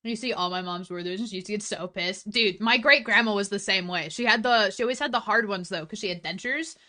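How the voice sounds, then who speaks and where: A woman's voice: mid-range voice, a little fast, bright, forceful tone. A young woman streamer chatting casually with her viewers, blunt and full of swearing. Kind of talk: casual chat stream, reading chat.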